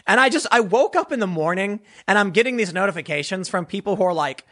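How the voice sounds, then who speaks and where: A man's voice: sits high, lively intonation, fast, pushed and bright. A man giving an unscripted commentary monologue in a sarcastic, dismissive manner.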